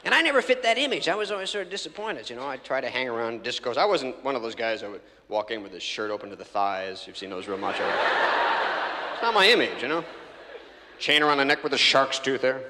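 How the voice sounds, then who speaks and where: A man's voice: mid-range voice, very animated, quick pace, noisy background. A man doing a live stand-up routine, rambling through stories and acting out scenes on a theatre stage. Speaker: stand-up comedian. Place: large theatre stage before an audience. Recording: reverberant live theatre recording from 1984.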